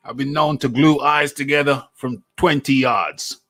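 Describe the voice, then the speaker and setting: A man's voice: medium pitch, fairly even intonation, unhurried, music in the background. A man hosting a casual talk show, telling a story with laughs and repeating his punchlines. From England. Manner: laughing, repeats lines for effect. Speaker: host. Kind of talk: casual banter.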